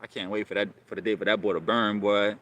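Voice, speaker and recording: A man's voice: lowish voice, steady tone, fast talker, a bit bright. A man hosting a live stream, talking casually and rambling, often repeating himself and calling listeners bro.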